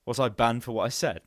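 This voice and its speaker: Rambling streamer, dry close sound. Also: male voice, mid-range voice, no echo. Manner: rambling and profane, with lots of fillers. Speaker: streamer hosting a live Q&A. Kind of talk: casual chat. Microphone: headset.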